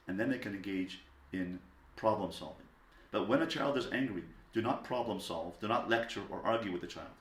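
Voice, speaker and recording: A man, a rabbi, giving a parenting lecture in a calm, deliberate way, stressing single words. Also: on the low side. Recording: echoey room.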